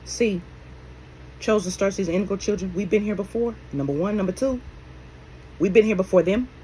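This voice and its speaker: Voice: mid-range voice, moderate pace, mellow, a little hiss or hum, low-quality recording. A spiritual minister and healer giving a casual talk to camera, emphatic and blunt, swearing freely and firing off rhetorical questions while calling the listeners baby and my love. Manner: calls the audience endearments like baby and my love.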